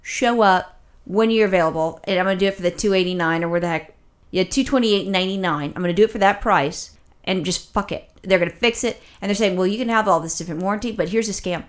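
A woman co-hosting a casual chat, telling a long story in a profane, exasperated ramble full of restarts. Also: mid-range voice. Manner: animated, rapid rambling with restarts. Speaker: podcast co-host.

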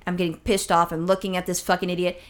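A woman's voice: fairly low pitch, flat delivery, fast. A woman telling a long exasperated story in casual chat, swearing often and acting out both sides of the exchange. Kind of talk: casual chat, ranting anecdote.

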